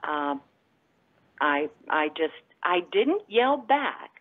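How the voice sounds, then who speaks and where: A woman from the Midwest calling in to a talk show, rambling and halting with lots of fillers. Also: fairly low pitch, very animated, narrow, tinny audio. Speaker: caller. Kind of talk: phone-in chat.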